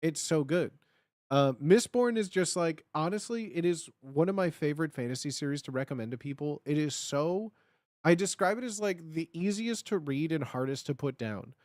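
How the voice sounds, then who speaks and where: A young man talks to his live-stream chat in an excitable, rambling way, tripping over fillers and restarting his sentences. His voice sits a little high. The sound is dry and close, with no room around it. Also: moderate pace, no room sound.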